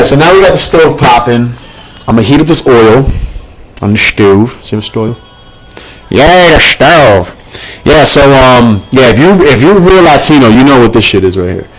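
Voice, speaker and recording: In a roughly recorded cooking vlog from his home kitchen, a man with a mid-range voice rambles casually and swears freely. He's profane and keeps asking "you know what I'm saying."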